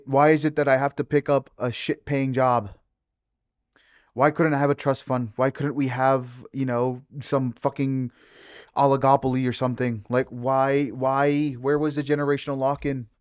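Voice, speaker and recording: A man's voice: mid-range voice, little pitch movement, normal speed, clear, resonant tone, lo-fi sound. A young man in a casual, unscripted rant, talking in rambling bursts with lots of restarts, fillers and swearing. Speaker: vlogger.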